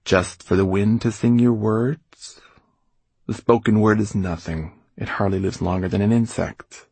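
A man's voice: lowish voice, animated, moderate pace, vocal fry, a little mellow, breathy edge, no room sound, pitched above the performer's own voice, exaggerated voice. A man voicing a haughty, bored male court illuminator who speaks with a slight lisp and a disdainful drawl.

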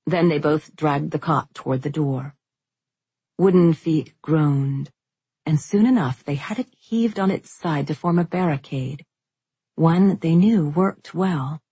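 Very husky, slow woman narrator. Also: sits low, warm tone, no echo. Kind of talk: audiobook narration.

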